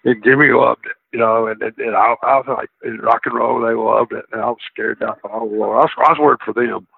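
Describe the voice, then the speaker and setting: A gravelly, husky-voiced man with a drawl tells his stories in a loose, rambling way, often doubling back mid-thought. He comes through a thin, tinny phone line. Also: mid-range voice, fairly even intonation, quick pace, no room sound. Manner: rambling, circling back on himself. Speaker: guest, former wrestler. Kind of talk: casual interview storytelling.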